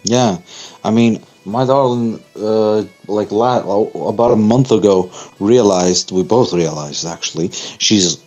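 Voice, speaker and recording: A man co-hosting a podcast, telling stories in casual chat with halting restarts and chuckles. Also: fairly low pitch, a little mellow, dull audio, soft background music. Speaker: podcast co-host.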